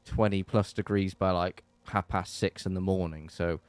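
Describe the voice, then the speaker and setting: Here the bedroom Q&A host, a man with an English accent, sits low in pitch with a steady tone at normal speed, his sound clean, a little mellow and echo-free. Hot and sweaty, he rambles along casually, restarting sentences and dropping fillers.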